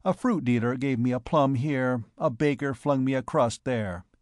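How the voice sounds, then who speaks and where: A man's voice: mid-range voice, moderate pace, a little mellow, no echo, clean studio sound, lightly acted. A man voicing a chatty, self-mocking young vagabond poet in a storybook reading. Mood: wry.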